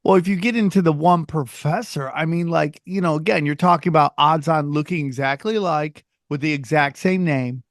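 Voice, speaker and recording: A man hosts a podcast in relaxed conversation and tells stories with animation, acting out what other people said. His voice sits a bit high and sounds dry and close to the mic. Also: fairly quick, hardly any pauses, dry recording. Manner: animated storytelling, acts out quoted people. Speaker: podcast host and comedian. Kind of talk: casual chat.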